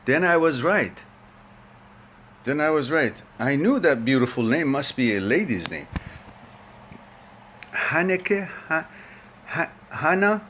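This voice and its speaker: A man's voice: mid-range voice, expressive, normal speed, fairly bright tone, slight background noise. A man hosting a live online talk, chatting and laughing as he greets viewers by name before starting his topic. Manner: chatty, laughs often, rambling.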